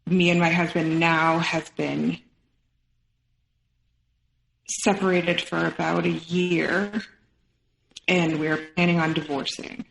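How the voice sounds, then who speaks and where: A woman's voice: fairly low pitch, little pitch movement, gravelly, echoey room, rough recording. A woman in her thirties, a podcast guest, telling a personal story with feeling and acting out what others said. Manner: emotional, quotes others in rapid retelling.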